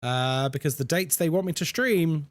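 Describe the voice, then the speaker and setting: A young man streaming a horror game, chatting with his viewers in a jokey, animated way. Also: a little high, moderate pace, no echo. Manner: animated and chatty, reads chat aloud, jokey asides. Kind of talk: casual live-stream chat while gaming.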